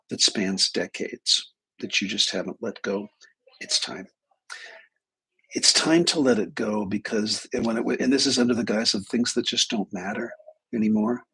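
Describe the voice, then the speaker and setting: Guy with a real gravelly, breathy voice, chatting casually and a bit irreverent. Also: medium pitch, fairly bright tone, low-quality recording. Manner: flippant and irreverent. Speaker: speaker and trainer. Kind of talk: casual live talk with storytelling.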